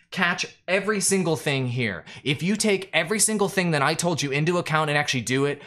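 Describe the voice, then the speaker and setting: A man's voice: on the high side, a bit bright. Emphatic male live-stream coach. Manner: emphatic, directive, talks straight to viewers. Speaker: YouTube growth coach. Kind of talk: live-stream teaching monologue.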